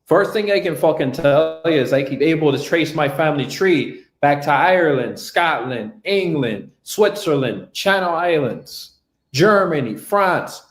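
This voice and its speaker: A man's voice: a little high, animated, a little slow. Boastful, swearing man in a roomy space. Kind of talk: social media clip.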